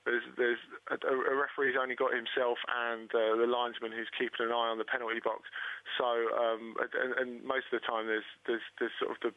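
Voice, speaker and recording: A man's voice: medium pitch, flat delivery, a little fast, no echo. A man calling into a radio football phone-in, earnest and stammering, repeating words as he makes his point. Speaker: caller. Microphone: telephone. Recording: tinny phone line.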